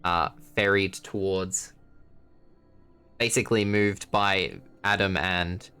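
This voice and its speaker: A man's voice: low-pitched, fairly even intonation, takes it slowly, sharp tone, clean tone, soft background music. A man narrating as game master for a tabletop game in a casual, rambling way with lots of fillers.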